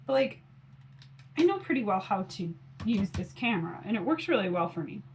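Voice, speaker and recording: A woman's voice: medium pitch, very animated, fairly quick, slight background noise, low-quality recording. A woman in her forties chatting casually on her phone camera while doing her makeup, rambling with lots of fillers. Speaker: mom vlogger.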